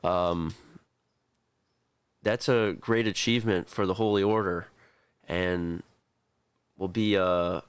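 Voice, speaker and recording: A man doing a calm regal king. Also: low-pitched, slow, long pauses, clear, resonant tone, no room sound, studio quality. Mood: composed.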